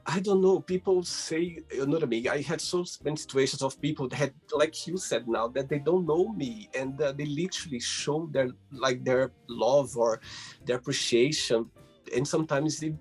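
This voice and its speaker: Male host, husky tone, faint music underneath, effusive and gushing on a video call. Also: medium pitch. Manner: emotional, effusive, many fillers. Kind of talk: casual interview chat.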